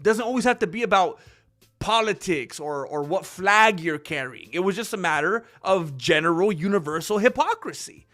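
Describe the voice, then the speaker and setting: A man's voice: high voice, expressive, moderate pace, fairly bright tone, faint music behind. A man hosting an MMA commentary vlog, sarcastic and opinionated, acting out both sides of an argument. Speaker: MMA commentary channel host.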